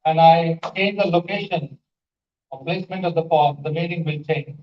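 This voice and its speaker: A man's voice: sits high, normal speed. A man lecturing a conference audience on pronunciation, acting out example sentences and putting questions to listeners. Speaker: conference panelist teaching English. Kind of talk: classroom-style lecture with spoken examples. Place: large conference hall. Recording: echoey hall, distant dull mic.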